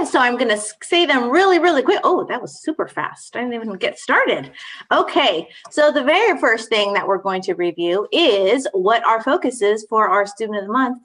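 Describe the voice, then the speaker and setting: A woman co-hosting an online school assembly, energetic and encouraging, reviewing safety reminders for students. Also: a little high. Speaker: school staff co-host. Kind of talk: upbeat school assembly talk. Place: video call for an online assembly.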